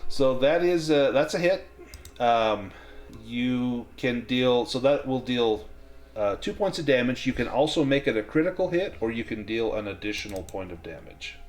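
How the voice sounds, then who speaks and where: A man as game master of a tabletop western game, calmly explaining the rules step by step. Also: medium pitch, normal speed.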